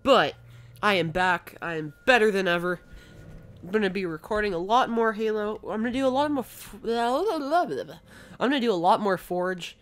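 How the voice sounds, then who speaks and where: A young man giving casual gameplay commentary, gushing with excited exclamations and coughing now and then after being ill. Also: high voice, normal speed. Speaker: gaming YouTuber.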